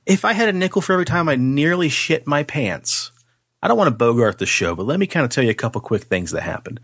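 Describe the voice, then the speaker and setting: A man co-hosting a podcast, telling a spooky story in a casual, animated way, swearing freely and acting out the voices. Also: fairly high pitch, quick pace, breathy edge, dry recording, studio quality.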